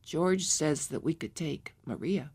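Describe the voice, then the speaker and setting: A woman reading aloud voices an anxious young governess who speaks in a hushed, confiding way. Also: medium pitch, moderate pace, close to an everyday voice.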